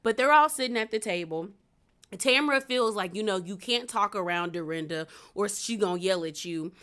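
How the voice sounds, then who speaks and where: Young woman, casual recap vlogger, chatty, slangy, medium pitch. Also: lively intonation, normal speed, a bit bright.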